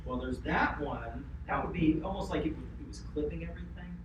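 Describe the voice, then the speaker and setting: Energetic male instructor in echoey classroom. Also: on the high side, brisk, recorded from a distance, highs cut off. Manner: energetic, chatty, asks the class questions. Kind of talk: classroom lecture. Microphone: distant room mic. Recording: echoey classroom recorded from afar, noisy.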